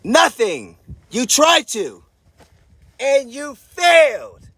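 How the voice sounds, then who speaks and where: A man giving a profane, defiant rant to his followers, often breaking into shouts. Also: very high-pitched, big pitch swings, very slow, breathy edge, no room sound. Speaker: social media creator. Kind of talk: ranting monologue to his followers.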